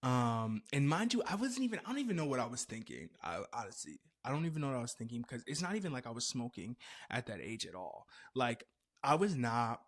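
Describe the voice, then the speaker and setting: A man in his twenties hosting a podcast, telling stories in a loose, animated way with playful asides. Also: mid-range voice, brisk. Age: 20s. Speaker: podcast host. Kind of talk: casual chat.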